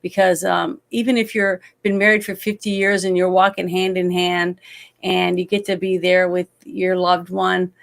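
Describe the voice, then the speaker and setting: A woman's voice: fairly low pitch, vocal fry. A woman talking about a movie in a casual chat, emotional and rambling, often trailing off and restarting. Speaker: guest.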